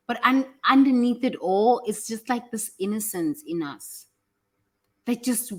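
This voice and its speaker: A woman's voice: mid-range voice, normal speed, fairly bright tone. A woman teaching in a casual, motivational way, talking bluntly and animatedly, swearing freely and acting out what other people say.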